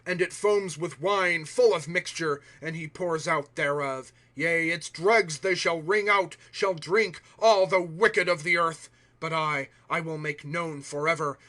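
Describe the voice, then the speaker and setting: A man's voice: on the high side, sharp tone. Solemn man reading scripture aloud. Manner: measured, solemn recitation. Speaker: scripture reader.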